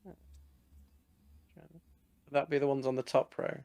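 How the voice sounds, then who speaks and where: A man's voice: mid-range voice, monotone, unhurried, darkish tone, smooth, no room sound. A man playing a tabletop game, talking in a tentative, unsure way. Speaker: player. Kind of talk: casual tabletop play.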